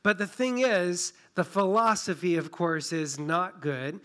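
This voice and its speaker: Higher-voiced man preaching a conversational sermon. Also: measured pace, fairly bright tone. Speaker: pastor. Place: church in a small town.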